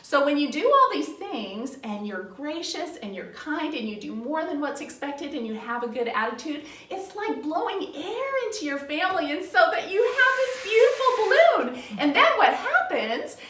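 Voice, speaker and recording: Animated woman teaching kids, high voice. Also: moderate pace, few pauses. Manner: animated, sing-song, acts out family dialogue. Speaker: children's ministry teacher. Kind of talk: teaching young children. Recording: roomy, from some distance off the mic.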